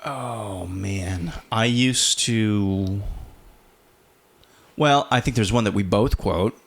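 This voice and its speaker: A man in his thirties co-hosting a podcast in a relaxed, casual chat, with many fillers and restarts. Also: lowish voice, slow. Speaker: podcast co-host.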